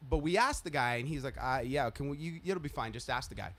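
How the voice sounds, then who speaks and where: A man in his thirties, a podcast co-host telling a story in casual chat, swearing freely and loudly acting out the people in it. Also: medium pitch, lively intonation, quick pace, a little hiss or hum. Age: 30s.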